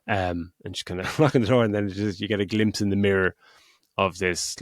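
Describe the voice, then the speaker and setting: A man's voice: deep voice, fairly even intonation, brisk, no echo, clean studio sound. A middle-aged man co-hosting a podcast, retelling a film's plot in casual chat, swearing freely and laughing as he goes. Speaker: podcast co-host. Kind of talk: casual film review chat.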